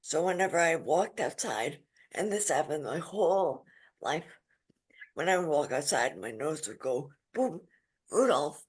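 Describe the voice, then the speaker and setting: Woman in her 40s, husky and fairly low, lively emphatic guest storyteller. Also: a little slow. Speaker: podcast guest. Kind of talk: casual interview storytelling.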